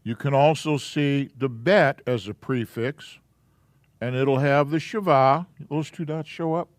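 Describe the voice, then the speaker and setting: A man teaching a Hebrew alphabet class in a church classroom, explaining slowly and casually. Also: mid-range voice, no echo.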